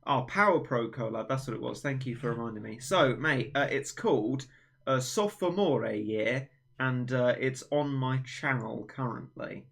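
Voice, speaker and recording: A man's voice: medium pitch, lively intonation, normal speed, vocal fry. A young man hosting a livestream, chatting casually in a rambling, self-mocking way. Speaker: livestream host. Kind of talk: casual chat on a stream.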